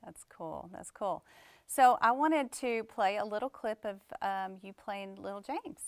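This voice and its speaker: Texan woman, host, upbeat and gushing, smooth voice, dry close sound. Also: medium pitch, measured pace, no room sound. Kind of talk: casual interview chat.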